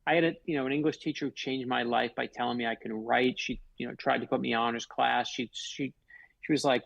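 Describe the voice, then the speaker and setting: Male guest author, gravelly and a bit husky, animated storyteller who acts out the dialogue, dry close mic. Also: mid-range voice, fast talker, no room sound, highs cut off. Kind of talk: storytelling in a radio interview.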